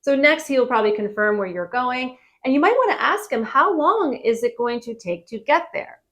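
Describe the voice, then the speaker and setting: A woman giving a casual travel-phrase lesson, friendly and repeating phrases slowly for learners. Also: high voice, lively intonation, fairly bright tone. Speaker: Spanish teacher.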